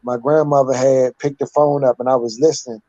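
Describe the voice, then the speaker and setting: A man's voice: medium pitch, fairly even intonation, fairly quick, warm tone, dry recording, highs cut off. A man in his fifties, a guest telling his life story candidly in a rambling, casual way. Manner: candid, rambling, street-talking with repeated "like".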